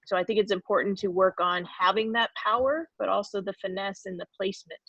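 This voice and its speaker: A woman's voice: mid-range voice, fairly quick, a bit bright, husky, no room sound. Woman from California, dull dry sound. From California, USA. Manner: reflective, frequent ums. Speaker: guest former pro soccer player. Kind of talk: answering questions, storytelling.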